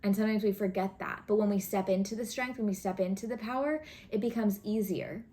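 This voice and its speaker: A woman's voice: mid-range voice, fairly quick, warm tone. A woman giving a casual tarot reading to camera, chatty and earnest, often checking in with the listener. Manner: chatty, earnest, frequent "right?" and "okay?" check-ins; encouraging, coaching tone. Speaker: tarot reader.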